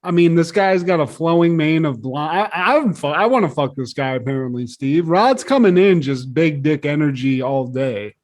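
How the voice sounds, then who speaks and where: A man co-hosting a podcast in casual comedic chat, crude and animated, often acting out quoted voices. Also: on the high side, normal speed, few pauses. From Southern California. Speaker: podcast co-host.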